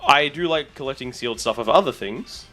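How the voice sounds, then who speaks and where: Brief: male streamer, mid-pitched, excitable and rambling, casual chat. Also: brisk, soft background music. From Australia. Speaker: streamer and content creator.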